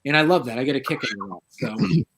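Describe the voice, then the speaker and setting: Man, middle-aged, guest paranormal researcher, casual storytelling, lively, acts out quoted voices, moderate pitch. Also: a little fast, husky. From southeastern Massachusetts, USA.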